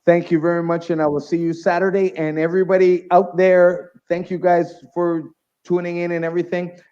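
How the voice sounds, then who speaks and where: A man's voice: high voice, level tone, fairly quick, dark tone, clear, resonant tone, muffled recording. A man from Canada, a guest rapper, chatting casually over a video call and laughing easily.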